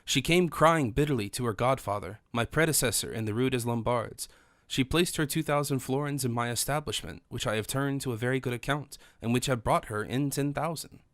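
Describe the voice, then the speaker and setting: A man's voice: medium pitch, fairly quick, fairly bright tone, no echo, studio quality, natural voice. A man reading the part of a worldly, cheerful middle-aged grocer, in a genial, proud storytelling manner.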